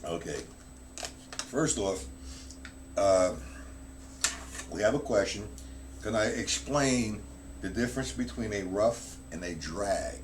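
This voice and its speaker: A man's voice: lowish voice, animated, takes it slowly, long pauses, slight background noise. Man counting drum rhythms aloud. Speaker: drum teacher. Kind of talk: live-streamed drum lesson.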